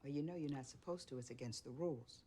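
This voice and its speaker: An actress playing a middle-aged care-home nurse who speaks in a soothing, firm way. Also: female voice, a bass voice, quick pace, dark tone, husky.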